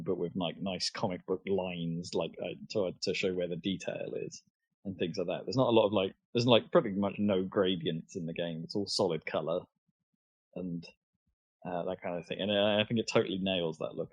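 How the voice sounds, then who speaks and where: A man's voice: low voice, fairly even intonation, a little fast, slightly rough, dry recording. A man co-hosting a podcast, chatting casually, with lots of fillers and restarts. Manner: hesitant, many fillers and restarts. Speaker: podcast co-host. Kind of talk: casual chat. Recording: dull lo-fi podcast audio.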